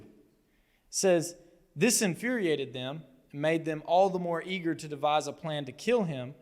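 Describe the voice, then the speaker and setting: A man's voice: a little high, lively intonation, unhurried. A man preaching a sermon as pastor, telling the story conversationally and acting out the quotes with animation. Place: church hall. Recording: long hall reverb.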